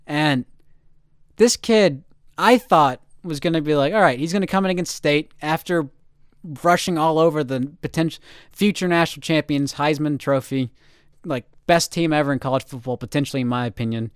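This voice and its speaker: A man's voice: a little high, moderate pace, clear, resonant tone, no echo, clean studio sound. A man co-hosting a casual sports podcast, telling stories with animation and acting out the quotes. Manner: animated storyteller, acts out quotes. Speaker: podcast co-host.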